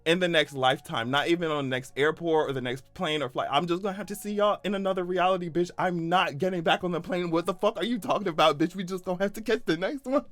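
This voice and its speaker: Brief: male vlogger, high bright voice, animated comedic commentary, laughs a lot, faint music underneath. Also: fast talker. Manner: animated, laughing, profane and exaggerated. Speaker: YouTube commentator. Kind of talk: casual comedic news commentary.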